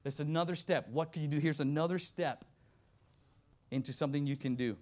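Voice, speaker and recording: A man preaching a sermon as a visiting missions worker, swinging between loud exhortation and hushed scripture reading. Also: a little high, brisk.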